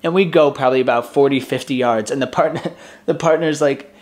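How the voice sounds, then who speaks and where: Young guy in his 20s telling a story to camera, laughs a lot, does everybody's voices, middle pitch. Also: a little fast, a little mellow. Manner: chatty, laughs often, acts out quoted voices. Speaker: vlogger. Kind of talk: casual personal storytelling.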